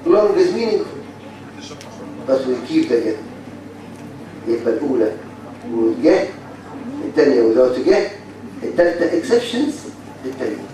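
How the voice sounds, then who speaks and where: A man's voice: medium pitch, lively intonation, very fast, long pauses, warm tone. A man with an Egyptian Arabic accent giving a university phonetics lecture, repeating points and drilling the class in a blunt manner. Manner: repetitive, drilling students, blunt. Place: large lecture hall. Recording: very echoey hall, distant mic, faint hiss.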